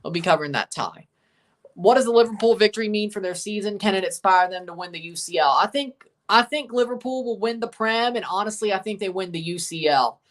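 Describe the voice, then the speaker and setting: A man's voice: high voice, fairly quick, fairly bright tone. A man from Mississippi with a Southern accent, hosting a casual livestream and chatting with viewers in an opinionated, rambling way. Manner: chatty, opinionated, rambling, answers chat messages. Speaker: livestream host. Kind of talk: casual livestream watchalong commentary, reading chat.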